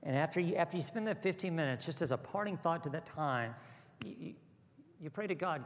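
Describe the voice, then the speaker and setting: A pastor delivering a sermon, shifting between soft, low asides and raised, rhythmic exhortation. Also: male voice, brisk. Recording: long hall reverb with soft music behind.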